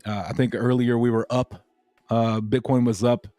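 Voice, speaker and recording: A man's voice: medium pitch, little pitch movement, normal speed, dark tone, no echo, soft background music. A man hosting a crypto livestream, chatting casually and rambling with lots of fillers and repeated phrases.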